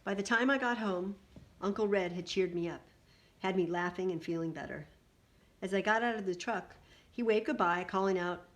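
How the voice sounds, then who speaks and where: A woman reading a picture book aloud in an animated way, adding little asides to her listeners. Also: on the low side, normal speed.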